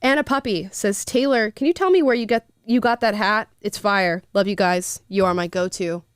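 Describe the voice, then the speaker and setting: A woman's voice: mid-range voice, normal speed, clear, resonant tone, no room sound. Chatty woman livestream host, dry mic. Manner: lively, laughs often, sarcastic asides. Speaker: livestream host reading viewer comments. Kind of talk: casual live chat.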